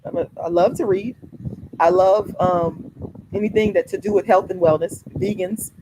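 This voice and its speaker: A woman talks straight to her livestream viewers at an ordinary pitch, fiery and emphatic. She swears freely and hammers her points home by repeating them. It is a casual but heated chat. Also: steady tone, normal speed, noisy background. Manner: addresses viewers directly, repeats phrases for emphasis. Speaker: activist livestream host.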